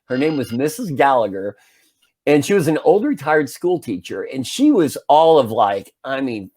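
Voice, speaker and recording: Here the voice is medium in pitch and moderately paced. It belongs to a man in his forties co-hosting a podcast, who relaxes into a story and plays each part, lively enough to act out his own shouting.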